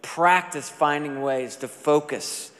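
A man preaching a sermon as a pastor, talking in a conversational, animated storytelling way with casual asides. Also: fairly high pitch, slow pace. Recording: long hall reverb.

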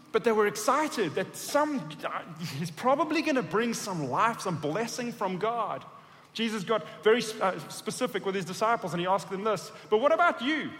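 A male pastor preaching a sermon in an animated style, acting out the voices of scripture figures as he reads. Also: very high voice, long reverb tail.

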